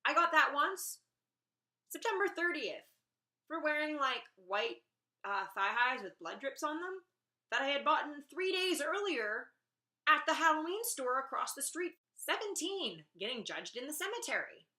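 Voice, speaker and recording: A woman's voice: sits high, big pitch swings, unhurried, bright, forceful tone. A young woman vlogging a casual rant, exasperated and sarcastic, swearing freely.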